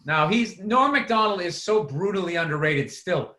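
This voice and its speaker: A man co-hosting a podcast in casual chat, telling jokes in an excitable, rapid way. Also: high-pitched, reverberant. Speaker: podcast co-host.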